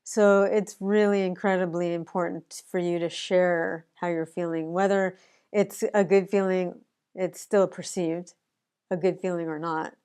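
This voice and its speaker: A woman's voice: on the low side, little pitch movement, a little slow, darkish tone, smooth. A woman who works as an autism educator, talking earnestly and conversationally to the camera about honesty with feelings. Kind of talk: casual personal talk to camera.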